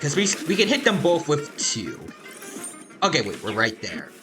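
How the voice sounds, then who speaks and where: Guy streaming a game, talks to himself a lot, lively up-and-down voice, game music going. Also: fairly high pitch, moderate pace. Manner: chatty, self-talking, lots of fillers and restarts. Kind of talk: casual gameplay commentary. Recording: game music playing behind.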